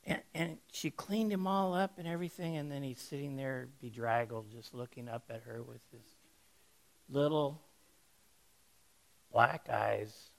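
A man preaching, telling a folksy, animated story to make a sermon point. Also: medium pitch, measured pace, gravelly.

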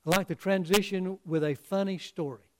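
A man preaching a sermon in an earnest, halting way, often repeating words as he restarts. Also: sits high, steady tone, noisy background.

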